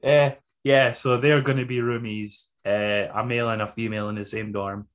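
A man's voice: lowish voice, fairly even intonation, moderate pace. A man co-hosting a podcast, recapping wrestling in blunt, sweary casual chat and laughing often.

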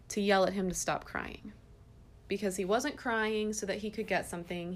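A woman in her thirties hosting a parenting podcast, telling a story about her kids in an earnest, gentle way. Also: mid-range voice, a little hiss or hum. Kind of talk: casual parenting podcast talk.

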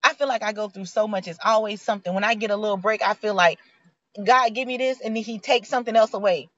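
A woman's voice: mid-range voice, fast, fairly bright tone. A woman, giving a heartfelt, preachy motivational faith talk in a conversational way. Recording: dull lo-fi sound.

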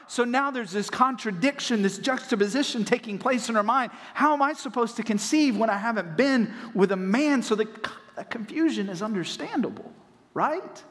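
A man from North Carolina, preaching a sermon as pastor and acting out voices in animated storytelling. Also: extremely high pitch, normal speed. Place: church auditorium. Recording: long reverb of a large hall.

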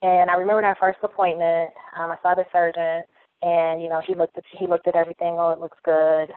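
A woman's voice: lowish voice, flat delivery, fast talker, no room sound. A woman around forty, a guest telling her personal story in an earnest, reflective way, often repeating phrases as she thinks aloud. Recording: tinny phone-like line, dry.

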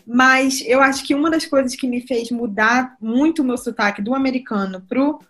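A woman's voice: high voice, a little fast, fairly bright tone. A young woman from Brazil with a Brazilian accent shifted toward British English, chatting casually as a podcast guest and laughing often. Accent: Brazilian Portuguese, shifted toward British English.

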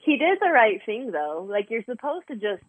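A young woman with a Utah accent co-hosts a podcast, her pitch moving a lot as she reacts. Her voice has a slightly husky edge and sounds dry and close. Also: normal speed, dry recording, phone-quality sound. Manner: lively, short reactions, laughs easily. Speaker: podcast co-host. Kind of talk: casual podcast chat.

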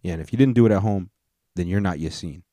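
A young man streaming, reacting to a clip and chatting with viewers in loud, profane, joking banter. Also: low voice, quick pace, dry recording, clean studio sound.

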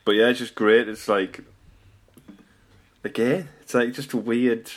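A man's voice: mid-range voice, steady tone, unhurried. A man in casual football chat, rambling and laughing often, trailing off mid-sentence.

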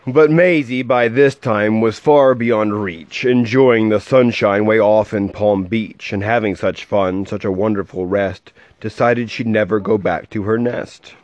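A man reading a rhyming picture book aloud to a child, with a lively, sing-song delivery and soft asides. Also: fairly low pitch, unhurried, no room sound, muffled recording.

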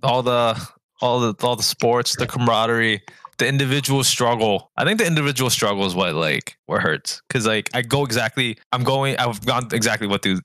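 A man in casual podcast chat from a remote call, earnest and halting, with many restarts. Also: mid-range voice, bright, forceful tone, dry recording. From New York. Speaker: podcast co-host.

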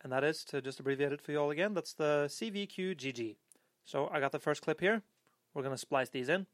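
A man's voice: fairly high pitch, brisk, no echo, studio quality. A man hosting a podcast, chatting casually in a playful, teasing way. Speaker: podcast host.

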